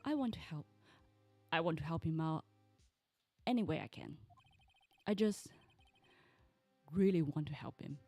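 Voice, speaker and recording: A woman voicing an earnest, dry young male defense attorney for a game, lowering her voice. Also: a little slow, long pauses, no room sound, faint music behind. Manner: earnest, then deadpan.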